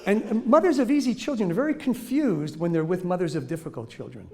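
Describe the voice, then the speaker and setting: Man, high voice, lively swooping delivery, jokey lecture to teachers, laughs a lot. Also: fast talker. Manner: joking, animated, laughs often, acts out examples. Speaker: child behavior speaker.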